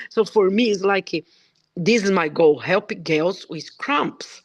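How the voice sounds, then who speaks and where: On an online call, a Belgian woman presenting a product gives a heartfelt, emotional testimonial in broken English. She speaks at a measured pace in a lowish voice, with no echo.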